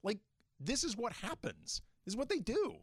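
A man's voice: sits high, huge pitch swings, moderate pace, dry recording, clean studio sound. A man co-hosting a sports talk radio show, firing back with emphatic rebuttals. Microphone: studio microphone.

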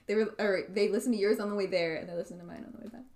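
A woman's voice: mid-range voice, fairly even intonation, very fast, darkish tone. A young woman co-hosting a podcast in casual chat, rambling and self-deprecating. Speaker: podcast co-host.

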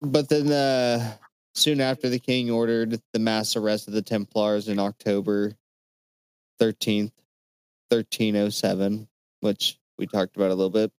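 A man with a low, smooth, resonant voice recorded dry and close. He co-hosts a casual podcast and retells history in a loose, profane way, full of fillers. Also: flat delivery, unhurried, no echo. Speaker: podcast co-host presenting the research. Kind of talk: casual chat.

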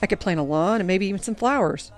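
A woman voicing an earnest young girl who speaks in a halting, questioning way. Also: medium pitch, soft background music, lightly acted. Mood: hesitant.

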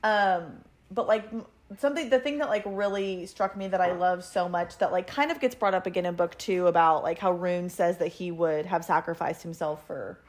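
A woman's voice: on the low side, normal speed. A woman co-hosting a book podcast, talking in a hesitant, filler-heavy way. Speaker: podcast co-host. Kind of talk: casual chat.

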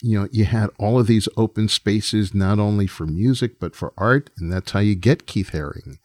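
A man, a guest in an interview, telling lively anecdotes with a laugh. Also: fairly low pitch, moderate pace, dry recording, clean studio sound. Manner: animated anecdotes, acts out quoted voices, laughs often. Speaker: guest, former record label president. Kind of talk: casual storytelling interview.

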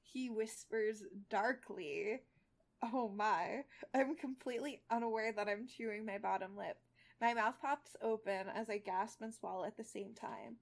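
A woman co-host reading a novel aloud with mocking drama and chatting casually, quick to laugh. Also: a little high, vocal fry.

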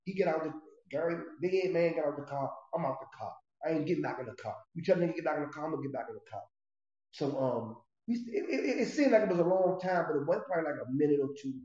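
A man's voice: fairly high pitch, racing, dark tone. A middle-aged man casually telling a story from his past, streetwise and profane, rambling with restarts. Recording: roomy, slightly dull recording.

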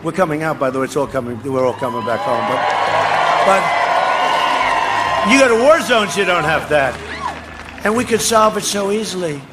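An older man giving a boastful, rambling campaign rally speech outdoors, ad-libbing to the crowd and often shouting. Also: fairly high pitch, expressive, normal speed, pauses often. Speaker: political speaker at a rally. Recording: speech over a faint crowd and noisy ambience.

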